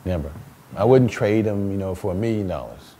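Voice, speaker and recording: Man in his thirties, low register; casual interview guest, laughs through his stories, repeats himself. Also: brisk, slight background noise. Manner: animated storytelling, laughs often, repeats words. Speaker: interview guest, stay-at-home dad.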